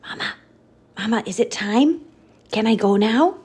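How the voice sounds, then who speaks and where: A woman voicing a small, excitable young male bat who squeaks and stammers as he pleads with his mother. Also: a little slow, husky, exaggerated voice. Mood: eager.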